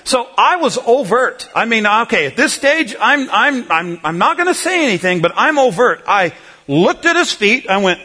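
A man preaching a humorous sermon, telling a folksy, animated story that swings between loud and soft. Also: very high-pitched, moderate pace, husky.

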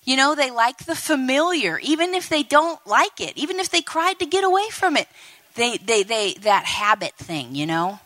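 A woman in her fifties preaching a lively sermon to a congregation, addressing them directly and acting out quoted voices. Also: high voice, moderate pace. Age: 50s. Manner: animated, talks to the congregation, acts out quoted voices.

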